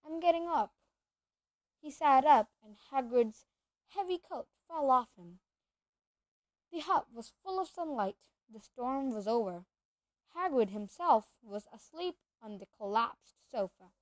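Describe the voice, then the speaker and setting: High-voiced woman reading a storybook. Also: unhurried, no echo. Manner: expressive storytelling, lively voices. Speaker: audiobook reader. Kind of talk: reading a children's novel aloud.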